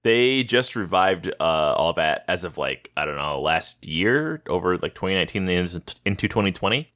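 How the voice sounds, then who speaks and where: A man's voice: low voice, animated, normal speed, few pauses, a bit bright. A young man hosting a casual gaming podcast, swearing and telling stories with animation. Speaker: podcast host. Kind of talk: casual chat.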